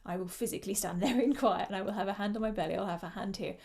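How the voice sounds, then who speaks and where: A woman's voice: medium pitch, very fast, gravelly, darkish tone. A woman leading a vocal workshop, explaining breath control and demonstrating with shushing sounds. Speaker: choral singing coach. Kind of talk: online vocal workshop instruction.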